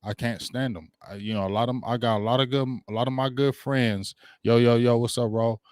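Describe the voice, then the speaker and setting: A man's voice: mid-range voice, steady tone, brisk, darkish tone, no room sound, clean studio sound. A man hosting a casual sports livestream, hyped and slangy, greeting viewers by name as they join. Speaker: sports talk livestream host.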